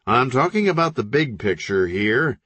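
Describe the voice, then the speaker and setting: A man voicing a blunt, irritable male crime boss who talks in a gruff, impatient, insulting way. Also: mid-range voice, big pitch swings, normal speed, a bit bright, no echo.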